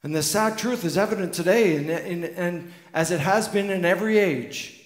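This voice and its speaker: A man's voice: high voice, normal speed. A man preaching a sermon as pastor, earnest and emphatic, repeating key lines for weight. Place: church sanctuary. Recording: echoey church hall with long reverb.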